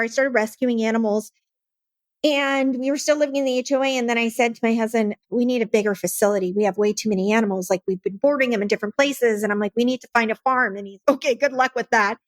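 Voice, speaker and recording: A woman with a fairly high-pitched voice, recorded dry, appears as a podcast guest. She founded a nonprofit and earnestly tells her own story in an interview, acting out her past conversations.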